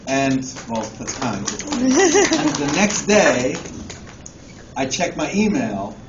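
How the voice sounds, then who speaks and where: A lively man spins a rambling anecdote for a crowd, his voice swooping high and low and breaking into laughter. He sits a little high for a man. It was caught on a phone from the audience, so it sounds echoey, dull and lo-fi, with steady room noise behind. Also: slow pace. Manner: animated storyteller who laughs often and swears casually. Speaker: musician guest speaking at a convention panel. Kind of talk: casual anecdote told to a live audience. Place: convention panel room. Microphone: phone recording from the audience.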